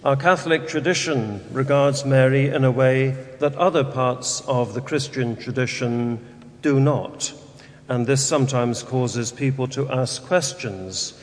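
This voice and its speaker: A man, a Catholic priest, reading the Gospel and preaching a homily in a measured, deliberate way with rhetorical questions, in a large church. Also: mid-range voice, in a large hall.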